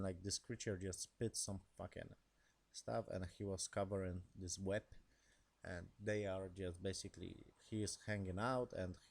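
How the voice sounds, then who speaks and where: A young man with a deep voice talks through an episode in a loose, rambling review. His speech has a gravelly fry, and his English is non-native and casual. He swears freely as he goes. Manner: rambling, swears often, laughs between remarks. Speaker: show reviewer.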